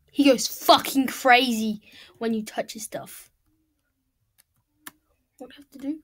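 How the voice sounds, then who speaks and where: High-pitched young woman gaming at home, chatty, excitable, swears a lot. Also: unhurried, pauses often. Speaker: gamer. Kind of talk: casual gameplay commentary. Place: home room at a computer.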